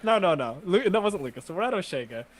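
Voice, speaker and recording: A man's voice: high-pitched, quick pace, slight background noise, low-quality recording. A young man co-hosting a podcast, telling stories in casual chat with frequent swearing and laughter. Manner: animated, profane storyteller, bursts into laughter. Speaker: podcast co-host.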